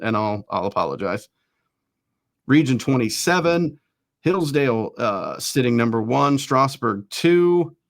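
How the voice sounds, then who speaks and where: A male host of a casual sports talk show reads through ranking lists at a brisk clip, tossing in quick self-deprecating asides between entries. His middling-pitched voice is recorded dry and close, with no echo or room sound.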